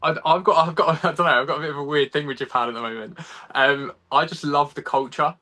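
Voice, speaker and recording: A man's voice: on the high side, fairly even intonation, fast, sharp tone. A young man from England with an English accent, a guest chatting casually in an interview over a video call, laughing often and full of ums and restarts.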